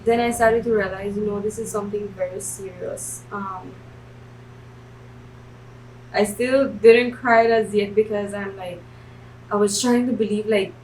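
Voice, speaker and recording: A woman's voice: medium pitch, steady tone, a little slow, long pauses, darkish tone, far from the mic, a little hiss or hum, rough recording. Woman in her twenties giving testimony. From Belize. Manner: hesitant, many fillers and restarts. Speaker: church member giving testimony. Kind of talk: personal faith testimony.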